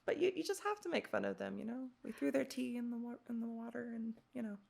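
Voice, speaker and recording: Gravelly-voiced woman hosting a podcast. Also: fairly high pitch, fast talker, darkish tone. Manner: rambling, giggly, swears casually. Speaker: podcast host. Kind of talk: casual chat.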